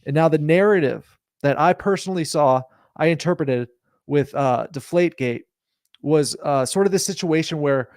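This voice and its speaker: A man's voice: fairly high pitch, moderate pace, a little mellow, no echo, studio quality. A man hosting a sports talk show, pressing his point insistently and building long analogies in casual debate.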